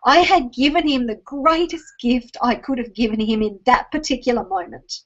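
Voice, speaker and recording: An Australian woman with a slightly high voice tells a personal story, teary and halting, full of ums and restarts. The sound is dull and lo-fi, like a home recording. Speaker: speaker addressing an online audience. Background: rain.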